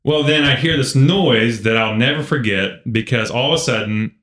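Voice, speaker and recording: A man co-hosting a podcast, telling a story in an animated, casual way full of filler words. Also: medium pitch, normal speed. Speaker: podcast co-host. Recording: roomy echo.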